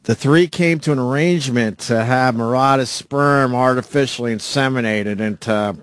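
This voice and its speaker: A man's voice: medium pitch, moderate pace. A man co-hosting a radio show in a studio, chatting casually and reading news items aloud. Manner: casual, conversational, reads stories aloud.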